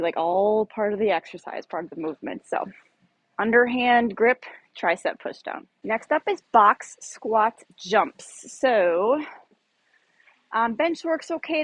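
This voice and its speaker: A woman's voice: a little high, normal speed. A woman fitness instructor in her thirties, demonstrating exercises casually with lots of fillers, slightly out of breath. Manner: casual, explanatory, many fillers.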